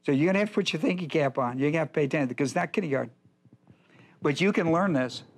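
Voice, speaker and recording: A male pastor teaching a Bible lesson, emphatic and repetitive, speaking straight to his class. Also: a little high. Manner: emphatic, repeats points, addresses the class directly.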